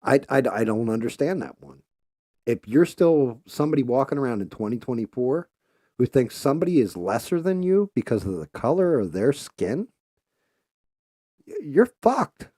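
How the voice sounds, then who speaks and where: Brief: male podcast host, blunt and foul-mouthed rant, lively swinging pitch, mellow tone. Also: normal speed, no room sound, studio quality. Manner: profane, heated and blunt.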